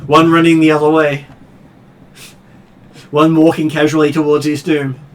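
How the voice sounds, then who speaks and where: A man's voice: on the high side, flat delivery, moderate pace, heavy reverb. A man narrating a tabletop game as game master and patiently explaining the rules. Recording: distant mic with faint noise.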